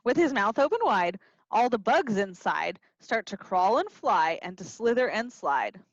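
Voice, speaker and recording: Slow, lively-pitched woman reading to kids. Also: no echo. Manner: expressive, gasping, playful with young listeners. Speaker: teacher reading to children. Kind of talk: children's storytime reading and singing. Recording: dry, slightly dull lo-fi sound.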